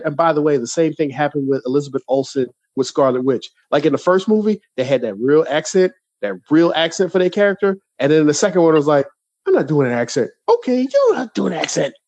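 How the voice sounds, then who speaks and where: A man's voice: high-pitched, dry recording, muffled recording. A man co-hosting a podcast, ranting in casual chat with lots of restarts. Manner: animated, ranting, many restarts. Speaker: podcast co-host.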